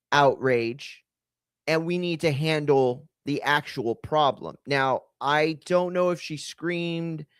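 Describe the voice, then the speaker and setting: A man hosting a casual reaction commentary, talking in an animated, profane and rambling way, often restarting his sentences. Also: on the high side, clear, resonant tone, no room sound, studio quality. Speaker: host.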